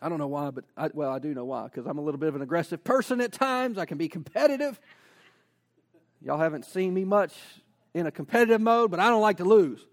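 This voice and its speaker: Delivering a lively sermon, this male pastor fires off rhetorical questions and adds offhand personal remarks. He speaks fast in a fairly high voice.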